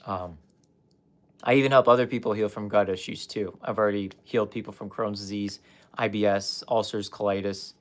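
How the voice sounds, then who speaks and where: Young male life coach, slightly low voice, candid casual livestream talk. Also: fairly even intonation, a little fast. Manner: candid, emotional, swears, talks to chat.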